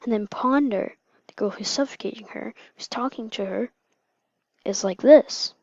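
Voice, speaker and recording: Halting woman who drifts into whispers. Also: on the high side, dry recording, lo-fi sound. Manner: halting, drops often into a whisper. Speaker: video narrator. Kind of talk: reading and explaining game lore.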